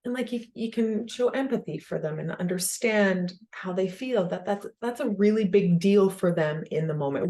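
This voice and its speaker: A woman hosting a self-help podcast, talking casually and animatedly, leaning heavily on "like" as she explains her ideas. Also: mid-range voice. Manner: animated and conversational, heavy use of "like". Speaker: podcast host.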